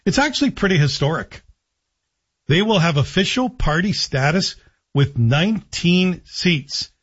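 A man's voice: fairly high pitch, lively intonation, a little slow, fairly bright tone, slightly rough. A man hosting a talk radio show, giving opinionated commentary with sarcastic, joking asides. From Canada. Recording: dull lo-fi broadcast audio.

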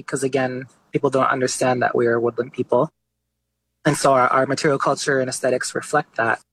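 A man, an artist being interviewed, talking in a relaxed, chatty way with many fillers. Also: mid-range voice, no echo, rough recording. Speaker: artist guest. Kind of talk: casual interview talk.

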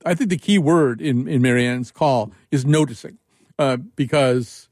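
A man in his seventies hosts a radio call-in chat, rambling and chuckling often. His pitch leaps upward as he gets animated. The sound is dry and close. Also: measured pace, dry recording. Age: 70s. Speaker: radio show host.

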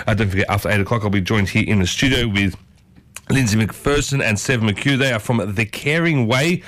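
A man's voice: on the low side, fairly quick, a bit bright, no echo. A man with an Australian accent hosting a morning community radio show, chatting enthusiastically and rambling through his memories. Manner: enthusiastic, rambling, reminiscing with lots of asides. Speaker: breakfast radio host. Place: radio studio.

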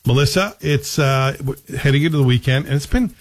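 A man's voice: mid-range voice, a little fast, no echo. A man hosting a morning radio show, chatting and joking casually with his co-hosts. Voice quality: talkative, joking.

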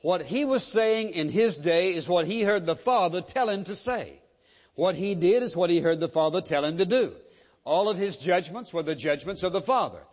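A man's voice: high-pitched, lively intonation, moderate pace. A pastor preaching a sermon, pressing his point with rhetorical questions and repeated words. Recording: dull lo-fi sound in a reverberant hall.

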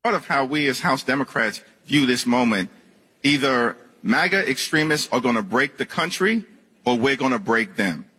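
A man's voice: medium pitch, lively intonation, normal speed, sharp tone, husky. A man, a politician, giving a firm, declarative public speech. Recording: echoey hall clip with a crowd behind.

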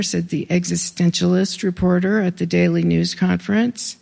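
Author reading their own stuff to a crowd, super gravelly voice, wry little asides. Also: medium pitch, steady tone, normal speed, hardly any pauses, a little mellow. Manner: wry, conversational asides between read passages. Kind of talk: reading aloud to a live audience.

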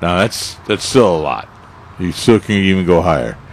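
A man co-hosting a radio gardening show in casual chat, talking haltingly with many fillers and restarts. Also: deep voice, animated, a little hiss or hum.

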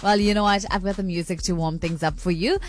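A woman's voice: on the low side, steady tone, fast talker, no room sound. A woman presenting a radio show, chatty and bubbly, reading out listener messages and laughing easily. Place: radio studio.

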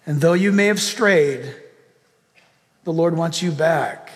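A man's voice: fairly high pitch, slow, in a large hall. A male pastor preaching a sermon, telling a story with emphatic rhetorical questions and ending in prayer.

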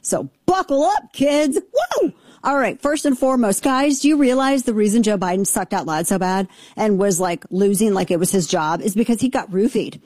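A brash woman host riffs on politics, sarcastic and fast. Her voice is mellow and dark, at an ordinary pitch. The sound is dry and close to the mic. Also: animated, dry recording. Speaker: talk show host. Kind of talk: opinionated political talk.

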